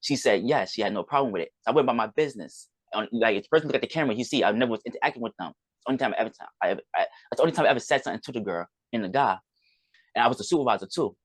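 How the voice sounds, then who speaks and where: A man appearing as a podcast guest speaks in an animated, medium-pitched voice at a racing pace, with no echo. He rambles through a personal story, often acting out what other people said in quoted dialogue.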